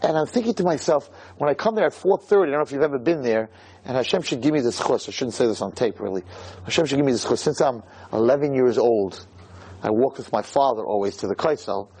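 A man's voice: medium pitch, quick pace, darkish tone, husky, rough recording. A man giving a heartfelt, storytelling religious lecture, stumbling over restarts and rising to fervent emphasis. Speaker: Jewish lecturer. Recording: recorded on camera, live talk.

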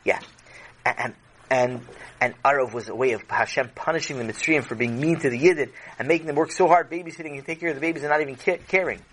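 A man voicing an excitable schoolboy who tells a story to his teacher in a children's audio story. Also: medium pitch, fast talker, breathy edge, rough recording. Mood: eager. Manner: excitable, eager.

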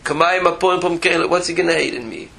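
A man giving a Torah lecture as a rabbi, animated, with rhetorical questions and repeated phrases. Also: fairly high pitch, quick pace, vocal fry, poor audio.

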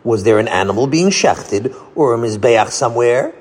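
Husky man reading a children's story. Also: medium pitch, moderate pace, long reverb tail. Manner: expressive read-aloud. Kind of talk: scripted narration of a children's story.

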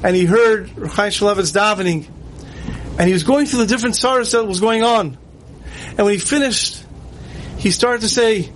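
A man's voice: sits high, normal speed, pauses often, slight background noise, low-quality recording. A man giving a sermon, telling stories and acting out the quoted lines with rising emotion. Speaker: rabbi giving a talk.

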